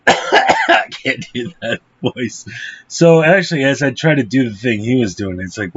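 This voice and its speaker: A man's voice: medium pitch, big pitch swings, unhurried, fairly bright tone, husky. Casual male film reviewer with an ordinary mid-range voice. Blunt and profane, rambles with fillers, on a dull lo-fi recording.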